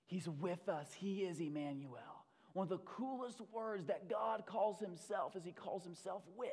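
Pastor, male, fairly high voice, preaching with swings from loud to hushed; long hall reverb. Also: unhurried, hardly any pauses, slightly rough. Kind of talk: sermon.

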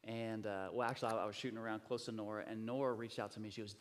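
A man in his thirties preaching a sermon, telling a story with acted-out voices and swinging from loud bursts to near whispers. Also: on the low side, little pitch movement, rapid-fire, hardly any pauses. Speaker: pastor. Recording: long reverb of a large hall.

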